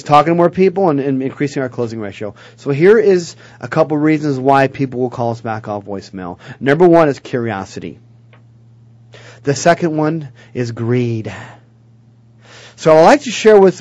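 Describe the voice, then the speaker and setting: An energetic man who coaches sales as a guest on a talk show, speaking straight to the listeners. His voice sits a touch high for a man. The sound is dull and lo-fi, and very dry. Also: dry recording. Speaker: sales trainer.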